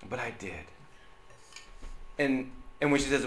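A man's voice: mid-range voice, lively intonation, measured pace, long pauses, pushed and bright, roomy sound. A man, a pastor, giving a chatty sermon full of stories, often checking in with the congregation by asking "right?". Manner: chatty, checks in with the crowd with tag questions. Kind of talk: conversational sermon storytelling. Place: church.

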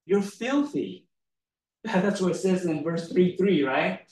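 Recorded from afar in an echoey hall, a preacher with a somewhat high voice gives an unhurried, conversational sermon. He laughs frequently and keeps tossing in "right?"

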